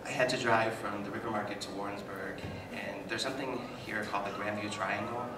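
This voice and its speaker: A man giving a live talk as a psychotherapist, telling stories with animated, self-mocking humor to an audience. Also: lowish voice, a little fast. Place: hall with an audience. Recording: echoey hall, mic at a distance, noisy.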